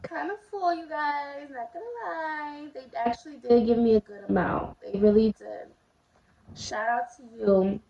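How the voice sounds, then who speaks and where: A woman's voice: fairly high pitch, unhurried, vocal fry. A woman vlogger telling a personal story in a casual, confiding way, talking straight to her viewers while eating. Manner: chatty, confiding, addresses viewers directly. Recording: roomy, slightly dull home recording.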